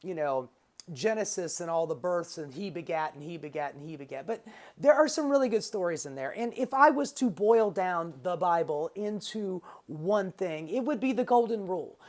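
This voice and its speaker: Woman, sarcastic profane rant, lowish voice, loose rambling delivery, casual vlog monologue. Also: lively intonation, moderate pace, darkish tone. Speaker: political commentary vlogger.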